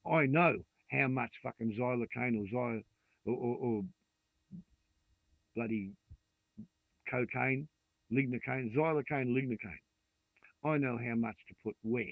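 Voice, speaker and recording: A gravelly-voiced Australian man in his sixties delivers a vehement, expletive-laden rant, sitting at a middle pitch. The sound is thin and phone-like, with no room echo at all. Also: a little slow, pauses often. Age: 60s. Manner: profane, ranting and vehement. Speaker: vlogger. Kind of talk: angry rant to camera. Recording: dry tinny phone-like sound.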